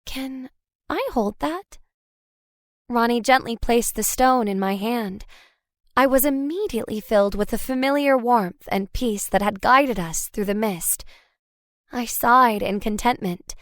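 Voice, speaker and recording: A woman's voice: a little high, unhurried, dry recording, clean studio sound. A woman narrating a first-person novel as an audiobook, reading expressively.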